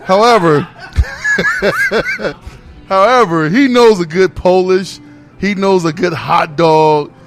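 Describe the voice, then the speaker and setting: High, lively man venting emphatically. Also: slow, pauses often, soft background music. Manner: animated storytelling complaint, emphatic. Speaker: radio show co-host. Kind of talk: casual comedic rant.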